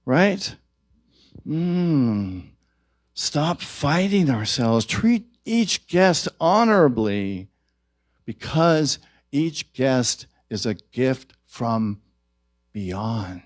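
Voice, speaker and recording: A man's voice: mid-range voice, big pitch swings, very slow. A man preaching a sermon at a church service, drawing the congregation in with questions and call-and-response. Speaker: minister.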